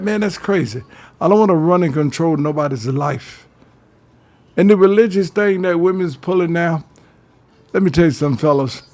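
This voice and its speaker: A man's voice: fairly high pitch, darkish tone. An older man, giving preachy advice on a talk radio show and calling his listeners fellas. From Georgia, US.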